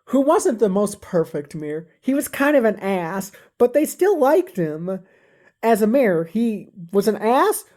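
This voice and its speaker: A woman's voice: medium pitch, sing-song, a little slow, warm tone. A woman telling a silly made-up story off the cuff, rambling and correcting herself as she goes. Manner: rambling, with restarts and fillers. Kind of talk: rambling improvised comic storytelling.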